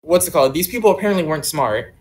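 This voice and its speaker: A young man tells a long story from his own life to friends on a casual podcast. His voice sits a bit high for a man, and he rambles along with plenty of "like" and "um" fillers. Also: lively intonation, very fast. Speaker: podcast co-host.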